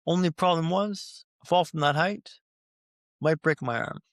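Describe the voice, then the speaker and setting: A man's voice: a little high, a little slow, dry recording, clean studio sound. A man telling his recovery story as a podcast guest, like a practiced speaker, with repeated phrases for rhythm and speaking straight to the host. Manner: addresses the host directly.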